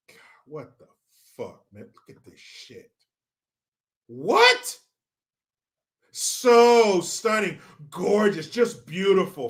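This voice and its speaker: A man's voice: high voice, a bit bright. A man hosting crude comedic commentary, ranting in a sarcastic, profane way. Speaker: commentary host.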